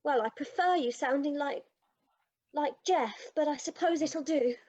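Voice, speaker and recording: A woman's voice: high voice, moderate pace, darkish tone, lightly acted. A woman playing a defensive, matter-of-fact wife. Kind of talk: live improv comedy. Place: live stage show.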